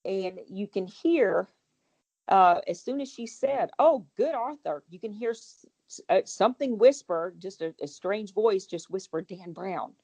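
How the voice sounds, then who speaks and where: A woman, a guest homeowner, telling a ghost story in a chatty, rambling way with quick restarts. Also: medium pitch, darkish tone. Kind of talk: casual storytelling.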